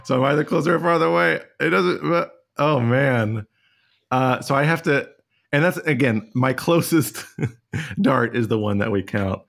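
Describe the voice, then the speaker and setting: Man co-hosting trivia, excitable and giggly, rambling casual banter. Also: mid-range voice, normal speed, vocal fry. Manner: excitable, laughs often, rambling storyteller. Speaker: trivia show co-host.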